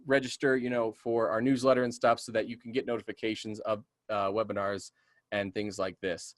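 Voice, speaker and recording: A man's voice: mid-range voice, no room sound, clean studio sound. A man who works as a community naturalist, teaching a casual webinar and answering audience questions with enthusiastic, chatty talk full of ums and okays, his voice a bit tired. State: voice getting tired.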